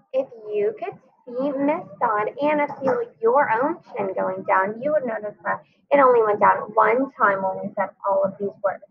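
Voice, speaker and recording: Woman kindergarten-style teacher, lively up-and-down delivery, gravelly edge, lo-fi tinny recording. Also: fairly high pitch. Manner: slow, clear, sing-song teacher voice. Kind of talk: children's phonics lesson. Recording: tinny phone-like audio.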